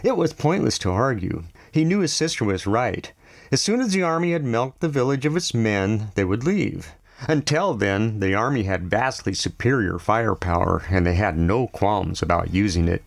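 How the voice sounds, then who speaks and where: Male novel narrator, gravelly, measured, recorded dry and close. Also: on the low side, lively intonation, no room sound. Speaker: audiobook narrator.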